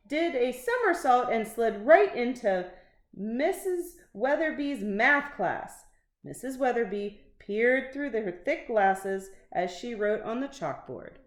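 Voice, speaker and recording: A woman reading a children's picture book aloud with expressive, unhurried storytelling. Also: a little high. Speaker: narrator. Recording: roomy echo.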